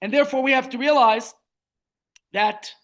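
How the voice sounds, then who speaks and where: Man teaching a lively Torah class. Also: very high voice, moderate pace. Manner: storytelling, rhetorical questions, animated. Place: online meeting. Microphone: video call.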